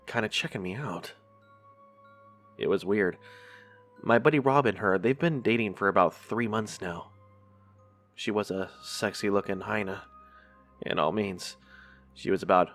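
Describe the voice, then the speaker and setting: A man with a lowish voice narrates a first-person horror tale in a measured, unhurried way. Faint music plays softly beneath his voice. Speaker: horror podcast host reading stories.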